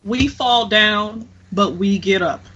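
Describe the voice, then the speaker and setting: A woman co-hosting a casual podcast chat, expressive and quick to laugh. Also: mid-range voice, breathy edge. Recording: dull lo-fi sound.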